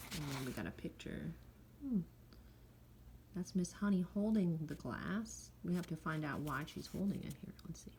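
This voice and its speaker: A woman reads a chapter book aloud to children and stops often to explain things, chatty and full of little fillers. Her pitch moves about in a lively way, with a faint hiss behind her voice. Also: normal speed. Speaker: teacher reading aloud. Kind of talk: read-aloud lesson to children.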